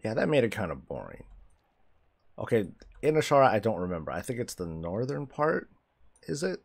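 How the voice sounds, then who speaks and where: A male streamer chatting casually while playing a game, animated, swearing freely and laughing often. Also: on the low side, normal speed, creaky, pauses often. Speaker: streamer host. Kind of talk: casual gameplay commentary.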